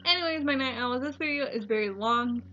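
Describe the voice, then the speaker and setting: A woman's voice: high-pitched, fairly quick, bright, forceful tone. A young adult woman vlogger telling a personal story in a chatty, rambling way, full of "like" fillers. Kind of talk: casual storytelling vlog. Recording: dull lo-fi recording with faint music.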